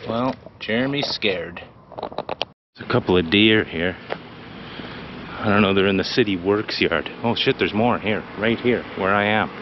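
A man from British Columbia talking to his camera while walking outdoors, blunt, excitable and full of swearing. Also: fairly low pitch, unhurried, long pauses, muffled recording, noisy background. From British Columbia, Canada. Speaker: vlogger. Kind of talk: casual walking vlog. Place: outdoors by a city beach.

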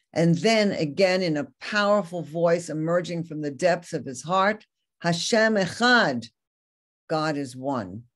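A woman Torah teacher giving a lecture, earnestly retelling a story and reading quoted passages aloud. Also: deep voice.

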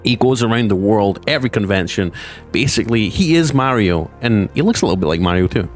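A lower-pitched man talks through gaming news in a loose, chatty vlog. He rambles, backtracks, and speeds up and slows down as his excitement comes and goes. Faint music plays quietly behind him. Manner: chatty and rambling, with frequent restarts and asides; excitable, shifting between fast and slow delivery.

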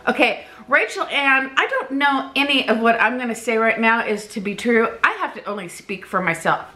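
A woman vlogger chatting casually to her camera, animated and talkative, often laughing. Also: a little high, normal speed. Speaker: weight-loss vlogger.

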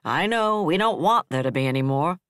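A man voicing a bitter, level-headed male defense director who speaks flatly and harshly. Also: on the high side, normal speed, smooth, no echo, studio quality.

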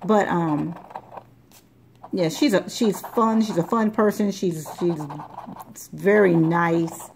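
A woman's voice: fairly low pitch, slow, gravelly, darkish tone, slight background noise. A woman hosting a lottery scratch-off video, chatting casually and rambling as she scratches. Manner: chatty, rambling, repeats words. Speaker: lottery scratch-off channel host. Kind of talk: casual chat while scratching tickets.

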